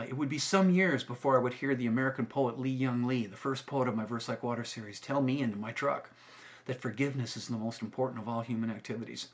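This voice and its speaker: A middle-aged male teacher telling a personal story to camera in an earnest, reflective way. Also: medium pitch.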